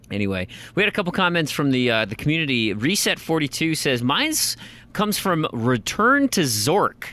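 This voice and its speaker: A man in his thirties, co-hosting a casual podcast and acting out the quotes in his stories. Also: lowish voice. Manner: animated storyteller, acts out quotes. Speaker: podcast co-host. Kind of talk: casual chat.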